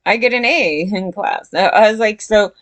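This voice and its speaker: A woman in a casual commentary vlog rambles to her viewers with fillers and restarts, frequently unsure and saying she doesn't know. Her mid-range voice is expressive and fairly bright, moving at a moderate pace with no echo.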